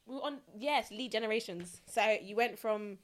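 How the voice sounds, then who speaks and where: A woman's voice: on the high side, moderate pace, a bit bright. A woman hosting a podcast, chatting casually and animatedly and laughing easily as she talks through her ideas. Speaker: podcast host.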